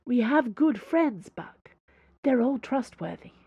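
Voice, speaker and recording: A woman's voice: on the high side, animated, slow pace, slightly rough, no room sound, lo-fi sound, voice pushed up, full character voice. Woman voicing a tender young prince. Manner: soft, affectionate.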